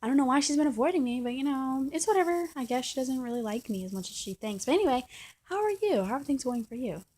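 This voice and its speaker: A woman's voice: mid-range voice, steady tone, rapid-fire, hardly any pauses, warm tone, breathy edge. A woman mimicking her clingy girlfriend, putting on a passive-aggressive, guilt-tripping voice.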